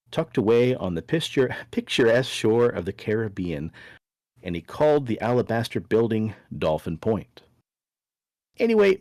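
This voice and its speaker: A man's voice: fairly low pitch, darkish tone, no room sound. A man hosting a podcast, telling a story in a playful, dry way. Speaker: podcast host.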